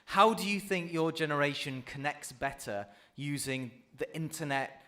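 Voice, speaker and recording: Male radio host, 30s, upbeat, jokey, slightly high voice, casual studio chat. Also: normal speed, sharp tone. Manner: upbeat, jokey and self-mocking. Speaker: radio presenter.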